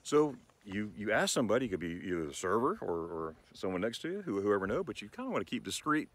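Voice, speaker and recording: A lower-pitched man teaches German restaurant phrases in a relaxed vlog. His voice swings widely up and down as he jokes and gets excited about food, then slows down carefully for each German phrase. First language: English. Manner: animated, playful, enthusiastic, slows for German phrases. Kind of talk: casual vlog lesson.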